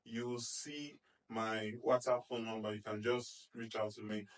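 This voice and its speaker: The low-quality recording captures a reading teacher far from the mic, his fairly low voice level in tone. During the phonics lesson he sounds out letters slowly, praises with "fantastic," and repeatedly checks in with "okay?" and "do you understand?".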